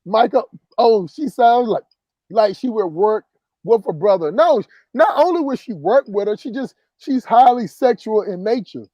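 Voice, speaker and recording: A man's voice: high-pitched, animated, moderate pace, warm tone, dry recording, highs cut off. A man hosting a casual livestream, reading chat comments and telling stories in a loose, repetitive, laughing way. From southern US countryside. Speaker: livestream host.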